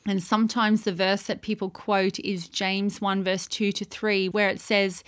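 A woman teaching on scripture in a Q&A episode, reading verses aloud and stressing repeated words with emphasis. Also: mid-range voice. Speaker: Bible teacher.

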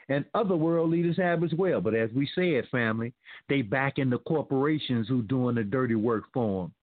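A man's voice: fairly high pitch, dry recording. A male talk host reading news aloud and commenting with sarcasm, calling his listeners family. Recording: dry phone-like line.

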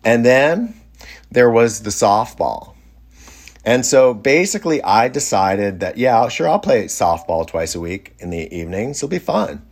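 A middle-aged man with a fairly low voice tells a long anecdote in a loose, conversational way. He restarts his sentences and trails into fillers, sounding amused by his own story. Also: lively intonation, a little slow. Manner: rambling, self-interrupting, amused. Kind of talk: casual anecdote.

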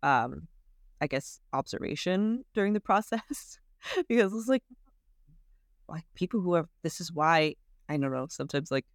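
Deep-voiced and animated, a woman in her thirties guests on a podcast, speaking at a moderate pace with long pauses. She laughs frequently and voices her own inner thoughts during the casual interview chat, which is recorded dry in a clean studio.

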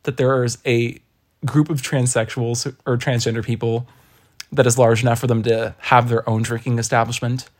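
Podcast co-host, casual and gossipy storyteller, mid-range pitch. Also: little pitch movement, normal speed. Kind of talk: casual chat.

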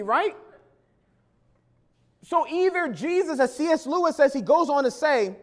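A man preaching a sermon, lively, with slangy asides and quotes acted out in his own voice. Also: very high-pitched, unhurried. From Sacramento, California. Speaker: pastor.

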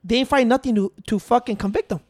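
Speaking fast in a very high-pitched, slightly mellow voice, a male podcast co-host pushes through interruptions in a casual, profane debate. He's insistent, restarting repeatedly so he can hold the floor and finish his point.

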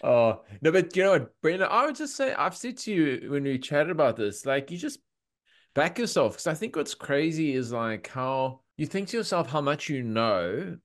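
An Australian man in a casual podcast chat, talking in an animated, emphatic way. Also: fairly high pitch, normal speed.

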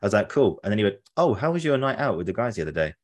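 A man's voice: lowish voice, big pitch swings, rapid-fire. A young adult man in casual chat, telling a long story with restarts and laughs.

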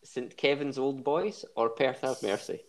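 A man's voice: mid-range voice, a little slow. A man hosting a casual football podcast, bantering and quizzing his co-hosts. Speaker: podcast host.

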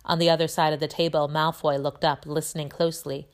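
A woman teacher reading a chapter book aloud in a steady, measured way. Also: deep voice.

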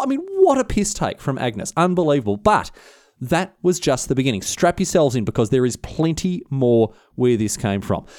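A man's voice: medium pitch, a little mellow, no echo, studio quality. A man telling a history story in an irreverent, slangy way, often restarting mid-sentence. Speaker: podcast host.

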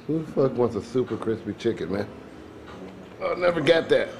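A man's voice: medium pitch, animated, moderate pace, gravelly, noisy background. A man co-hosting a podcast, cutting in with wisecracks and teasing questions. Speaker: podcast co-host. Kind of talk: casual chat.

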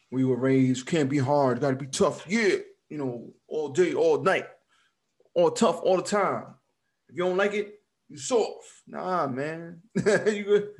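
Blunt, laughing podcast man. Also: a little high. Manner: blunt, swears freely, laughs often. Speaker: podcast co-host. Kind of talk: casual wrestling podcast chat.

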